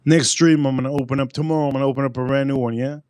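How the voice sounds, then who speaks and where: A man's voice: mid-range voice, fairly even intonation, racing, darkish tone, clear, resonant tone, no room sound, studio quality. Rambling, joking man on a livestream. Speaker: livestream host. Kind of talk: casual livestream chat.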